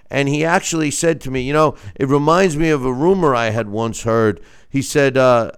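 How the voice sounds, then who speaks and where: A man hosting a casual sports talk show, speaking animatedly and wryly, with halting fillers. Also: mid-range voice, clear, resonant tone. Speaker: host. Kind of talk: casual sports radio chat.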